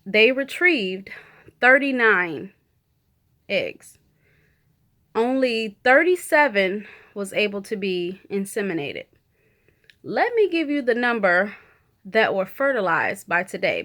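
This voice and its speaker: A woman's voice: medium pitch, a bit bright. A woman giving a candid, emotional personal video update in casual, chatty speech full of fillers like "you know" and "like". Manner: chatty and candid, full of 'you know' and 'like'; emotional, talks openly through her feelings. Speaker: vlogger.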